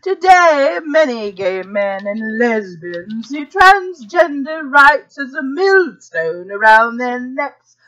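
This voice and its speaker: A woman's voice: sits high, very animated, takes it slowly, pushed and bright, lo-fi sound. A woman hosting a live stream, reading an article aloud and breaking off for casual asides. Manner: reads aloud with asides and frequent laughter.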